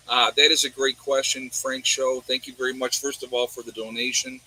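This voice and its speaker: A man's voice: mid-range voice, flat delivery, brisk, few pauses, bright, forceful tone, husky, rough recording. A man with a New York accent hosting a livestream and answering viewer chat in a rambling way, often asking his audience rhetorical questions. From New York State.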